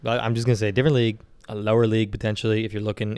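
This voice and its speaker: A man's voice: fairly low pitch, flat delivery, rapid-fire, a little mellow, clear, resonant tone. A young man telling a long casual story, rambling with lots of fillers like "you know what I mean". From Pittsburgh area, Pennsylvania.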